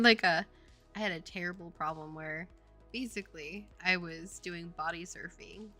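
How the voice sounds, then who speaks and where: Woman streamer, bright forward tone, loose filler-heavy delivery, faint music behind. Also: fairly low pitch. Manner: rambling storytelling, heavy use of "like", frequent laughter. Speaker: game developer streaming her work. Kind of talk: casual chat on a livestream.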